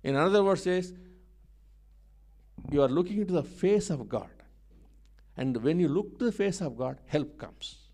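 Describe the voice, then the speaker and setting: A male preacher delivering a sermon with fervent, repetitive emphasis. His voice sits fairly high for a man, and he moves between hushed moments and forceful rises. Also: expressive, normal speed, creaky, pauses often. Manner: emphatic, repetitive, swings between soft and loud.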